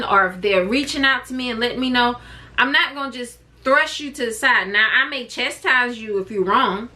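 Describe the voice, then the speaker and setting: A woman vlogger and mother telling a personal story to camera in a chatty, expressive way, wandering off on tangents. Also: fairly high pitch.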